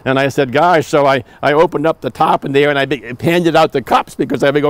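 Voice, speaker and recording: A man's voice: fairly high pitch, steady tone, a little fast, no room sound. A man in his seventies telling old stories in a rambling way, with many restarts and asides. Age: 70s. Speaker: returned volunteer telling stories. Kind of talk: oral history storytelling.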